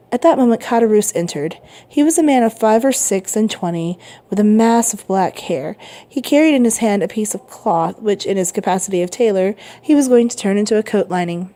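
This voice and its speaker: Woman, audiobook narrator, mellow warm tone, measured steady reading. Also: mid-range voice. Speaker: reader.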